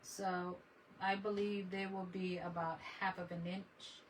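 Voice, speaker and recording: Giggly slow-talking woman livestreaming. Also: lowish voice, flat delivery, recorded from a distance, a little hiss or hum, low-quality recording. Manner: laughs often, mixes Spanish into English. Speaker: livestream crafter. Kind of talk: casual livestream chat.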